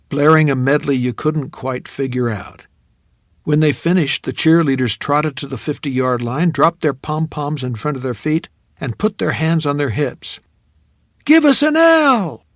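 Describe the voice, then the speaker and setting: A man's voice: medium pitch, no echo. Dry, close-miked male audiobook narrator. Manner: measured, reflective storytelling. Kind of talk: scripted first-person narration.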